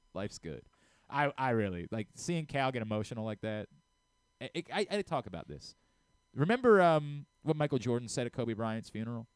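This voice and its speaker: A man's voice: mid-range voice, big pitch swings, normal speed, clear, resonant tone, no echo. A middle-aged man hosting a sports talk radio show, speaking earnestly and emotionally, often stumbling and restarting his sentences. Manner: earnest, openly emotional, frequent stammered restarts.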